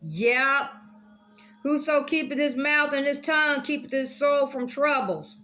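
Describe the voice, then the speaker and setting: Bright high-voiced woman reading scripture. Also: measured pace, slight background noise. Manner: reads verses aloud and repeats them, adds personal asides; earnest, encouraging. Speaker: Bible study video host. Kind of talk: casual Bible reading with commentary.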